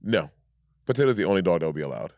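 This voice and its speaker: A man's voice: sits low, sing-song, very fast, vocal fry, darkish tone, no room sound, studio quality. Laughing, playful male podcast co-host. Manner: laughs often, playful, rambling. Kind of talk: casual chat.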